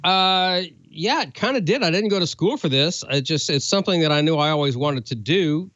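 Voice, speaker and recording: A man's voice: fairly high pitch, a little fast, no echo, highs cut off. A man from Oklahoma, a radio broadcaster and co-host, telling stories in casual chat with lots of fillers. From Oklahoma, USA. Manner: relaxed storytelling with fillers.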